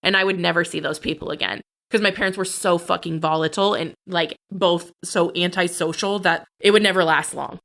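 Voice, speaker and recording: A woman's voice: on the low side, steady tone, a little fast, gravelly, hardly any pauses, fairly bright tone. A woman, a podcast guest, telling her own life story in a blunt, candid, profane way. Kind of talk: personal storytelling.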